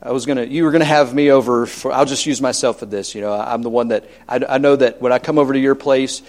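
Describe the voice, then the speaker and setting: A man's voice: medium pitch, steady tone, fast talker, a little mellow. A man preaching a sermon as pastor, emphatic and repetitive, telling homely stories with humor.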